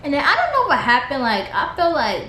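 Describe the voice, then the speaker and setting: A woman's voice: huge pitch swings, fairly quick, pushed and bright. Chatty young woman recapping reality TV. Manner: chatty, heavy use of "like", mimics cast members in higher pitch. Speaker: reality TV reviewer. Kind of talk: casual episode recap. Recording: echoey room with faint noise.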